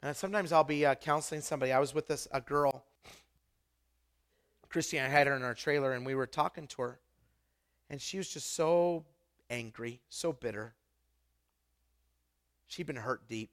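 A man preaching a sermon as pastor, passionate and emphatic, swinging from loud declarations to soft, intimate storytelling. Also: medium pitch, normal speed, long pauses.

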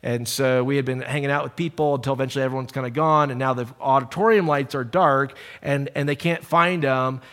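Middle-aged guy preaching in church, chatty stories then quiet earnest prayer, ordinary pitch. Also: fairly quick, few pauses. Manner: storytelling, animated in anecdotes, hushed and earnest in prayer. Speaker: pastor. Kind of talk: sermon. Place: church auditorium.

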